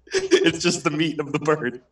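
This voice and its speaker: A man pitches scenes for a comedy script, laughing often and adding self-aware asides. He speaks slowly in a slightly raised voice. He sits some way back from the mic. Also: a bit bright, far from the mic. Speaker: guest co-writer. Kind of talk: improvised comedy writing.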